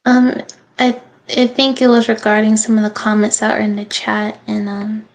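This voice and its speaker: A woman helping with a livestream, speaking hesitantly and haltingly. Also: mid-range voice, level tone, low-quality recording.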